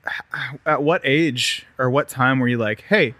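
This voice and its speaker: A man's voice: mid-range voice, steady tone, measured pace, sharp tone, no echo. A young man co-hosting a casual podcast, joking and swearing freely. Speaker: podcast co-host.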